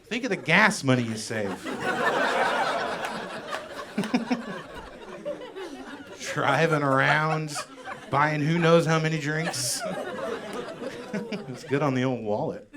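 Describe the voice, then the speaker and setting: A man doing a stand-up comedy set on stage in a comedy club, with wry, deadpan asides that trail off. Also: on the high side, extremely slow, pauses often, a loud crowd.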